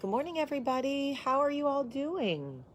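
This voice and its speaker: A woman's voice: sits high, sing-song, normal speed, a little hiss or hum. A woman hosting a casual chat to camera from her home, blunt and sassy in manner. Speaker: host.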